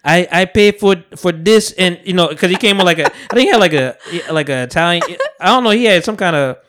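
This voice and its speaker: Casual podcast host, male, animated storyteller, voice a bit on the high side. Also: brisk. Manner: animated storyteller, acts out quotes. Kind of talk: casual chat.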